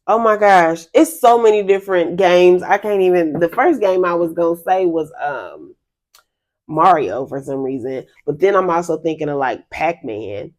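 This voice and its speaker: A woman's voice: fairly low pitch, darkish tone. A woman giving a casual spiritual reading to her viewers, rambling and chatty, laughing often and calling them y'all. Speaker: spiritual reader.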